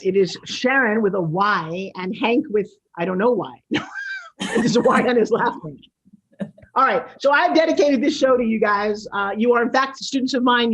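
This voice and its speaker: A woman in her sixties with a New York accent, hosting a show in a loud, brash, animated way. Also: mid-range voice, slightly rough. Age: 60s. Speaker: show host. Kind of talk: casual talk-show monologue.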